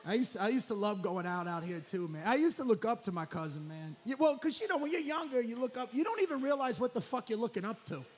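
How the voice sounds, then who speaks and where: High-voiced profane New comic. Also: male voice, sing-song, a little hiss or hum. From New Jersey. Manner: profane, rambling, rapid riffing. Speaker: stand-up comedian. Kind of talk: stand-up comedy set.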